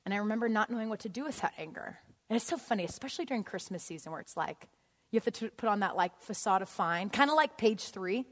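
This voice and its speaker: A woman giving a storytelling sermon in a church auditorium, animated and laughing often as she acts out scenes. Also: medium pitch, fast. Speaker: guest speaker. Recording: long hall reverb.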